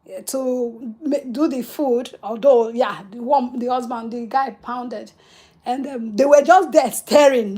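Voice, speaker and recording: A woman's voice: sits high, a little mellow. A middle-aged woman, hosting a livestream and telling a childhood family story with emotion and laughter. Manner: emotional, laughing between tender memories. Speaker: livestream host.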